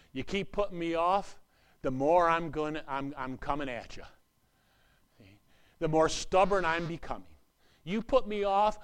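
A man's voice: on the high side, clean tone. Earnest preacher man, swells and drops. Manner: earnest, repetitive, swings from loud to hushed. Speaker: pastor. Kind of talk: sermon.

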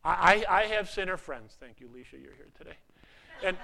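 A man with a high-pitched, animated voice talks a little fast, with vocal fry and background noise. He is a pastor preaching a sermon to a congregation in a loose, conversational way, often restarting his sentences and joking at his own expense.

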